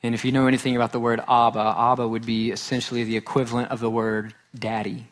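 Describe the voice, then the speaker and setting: A man's voice: medium pitch, level tone, fast. Earnest man preaching a sermon. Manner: earnest, repeats phrases for emphasis. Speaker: pastor.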